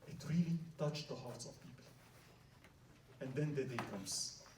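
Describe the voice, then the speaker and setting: A man's voice: mid-range voice, a little slow, darkish tone. A man telling a story in a dramatic lecture, often asking the audience "right?", in a hall at an Islamic center. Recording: roomy hall, mic at a distance.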